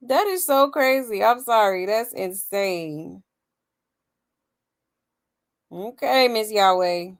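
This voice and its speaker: Woman host, gossip reaction stream, sassy teasing delivery, slightly high, unhurried. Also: dry recording, studio quality. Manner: sassy, teasing, drawn-out remarks. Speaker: commentary host reacting to clips. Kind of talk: casual gossip commentary.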